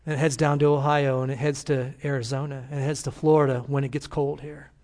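A senior pastor preaches to his church congregation, telling stories earnestly and urging his listeners on with emphatic exhortation. His voice sits at a medium pitch with a darkish tone, and he speaks fast in a flat delivery.

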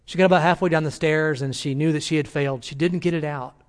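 A man's voice: a little high, fairly even intonation, fast talker, clean tone. A man, a senior pastor, preaching a sermon to a congregation in a church, telling stories earnestly and urging his listeners. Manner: earnest storytelling, emphatic exhortation.

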